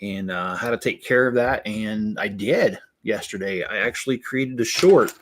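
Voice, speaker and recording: A man's voice: fairly low pitch, expressive, moderate pace, a bit bright. Chatty, laughing man on a livestream. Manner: rambling, lots of fillers, breaks into laughter. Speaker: livestream host building Lego. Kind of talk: casual livestream chat while building.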